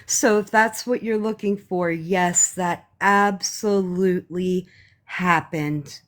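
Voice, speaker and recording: A woman on a live stream, ranting to her viewers in a heated, profane, sarcastic way, often slowing down to stress her words. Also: on the low side, fairly even intonation, fairly bright tone. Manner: slow emphatic pauses.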